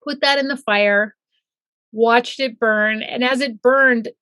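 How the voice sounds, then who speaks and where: A middle-aged woman, a former pathologist, telling her story as a guest and lively acting out her own past thoughts. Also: a little high, slow, no echo. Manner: animated, acts out her own past thoughts in quoted voices. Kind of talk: casual interview storytelling.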